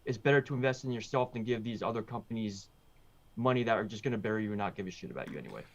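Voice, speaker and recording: A man's voice: fairly low pitch, racing. Easygoing man on dull lo-fi audio. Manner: easygoing, steady, offers opinions. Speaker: guest musician. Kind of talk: casual livestream chat.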